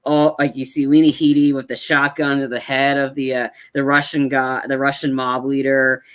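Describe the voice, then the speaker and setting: A man's voice: medium pitch, little pitch movement, fairly bright tone, clean tone. Easygoing man, lots of "like"s. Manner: halting, agreeable, lots of "like" and "yeah". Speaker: movie reviewer co-host. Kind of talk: casual podcast film review.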